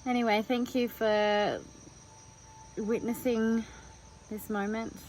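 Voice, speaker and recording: A woman's voice: a little high, little pitch movement, takes it slowly, a little mellow, a little hiss or hum, rough recording. A woman talking openly to the camera in a casual personal vlog, thinking aloud as she goes. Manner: chatty and open, thinking aloud. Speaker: vlogger.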